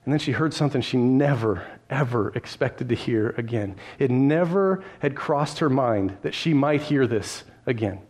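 A man's voice: mid-range voice, lively intonation, moderate pace, few pauses, darkish tone. A man preaching a sermon, retelling a story vividly and addressing listeners directly, with frequent restarts. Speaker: pastor.

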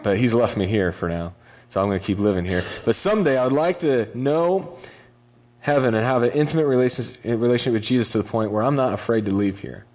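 A man's voice: mid-range voice, quick pace, darkish tone. A young adult man giving a casual sermon as a pastor, retelling scripture in a conversational way with slangy paraphrased dialogue.

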